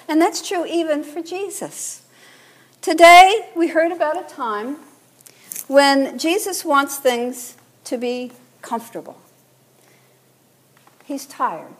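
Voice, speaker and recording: A woman priest giving a sermon in a relaxed, conversational teaching manner, drawing the congregation in to repeat words. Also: high voice, takes it slowly.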